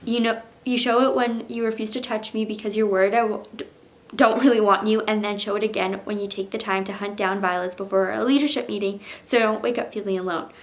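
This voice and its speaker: A woman's voice: mid-range voice, fairly even intonation, fast talker, close to an everyday voice. A woman reading as an earnest young rider. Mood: pleading. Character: determined young woman dragon rider pleading for love.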